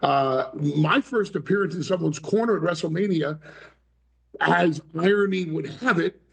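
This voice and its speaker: A man's voice: on the high side, normal speed, creaky. A man talking as a talk show guest, theatrical and bombastic, acting out voices in his stories. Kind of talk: animated talk show interview.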